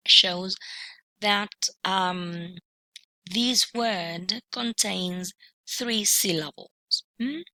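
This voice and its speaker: Woman teacher, talks real slow, bright voice, keeps going "mm?" after each bit. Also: medium pitch, no echo, poor audio. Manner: slow, deliberate, checks in with a questioning "mm?" after each point; models words by sounding them out syllable by syllable. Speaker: pronunciation teacher. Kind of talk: recorded online lesson.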